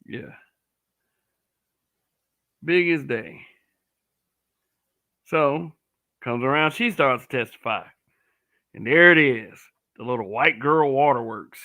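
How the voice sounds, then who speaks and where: A man's voice: mid-range voice, slow pace, pauses often, bright, forceful tone. A man giving blunt, profane commentary, often restarting and stammering over his words. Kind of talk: casual commentary to camera.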